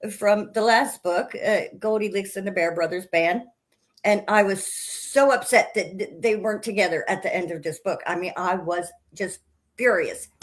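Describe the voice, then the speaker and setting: A woman hosting an interview show, gushing and animated as a reader. Her voice sits in a middling register. She chats casually and openly with her guest. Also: medium pitch. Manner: effusive, animated storyteller. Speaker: podcast host.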